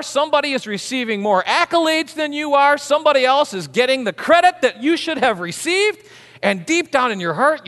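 Male pastor, lively high-pitched sermon delivery, church hall with long reverb. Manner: animated, acts out biblical figures with humor.

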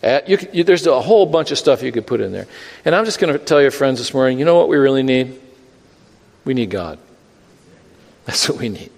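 A man's voice: medium pitch, animated, brisk, creaky, long pauses, long reverb tail. A male pastor preaching a sermon, earnest and building through repeated phrases, often stammering. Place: church sanctuary.

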